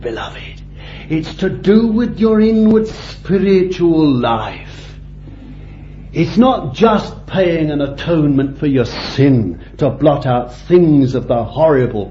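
A man preaching a sermon with deliberate phrasing, climbing to fervent high peaks and then dropping low and quiet. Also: slight background noise. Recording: dull lo-fi sound in a roomy hall.

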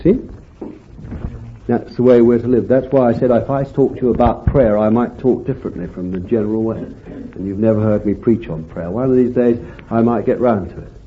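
A man preaching a fervent sermon, swinging between loud exclamations and quiet asides. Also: on the low side, fairly quick, a little hiss or hum. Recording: dull lo-fi recording.

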